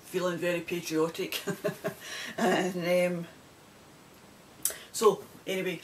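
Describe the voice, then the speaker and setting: A woman's voice: lowish voice, little pitch movement, takes it slowly, long pauses, a little hiss or hum, low-quality recording. A middle-aged Scottish woman chatting casually to camera for her knitting video podcast, rambling and laughing as she goes.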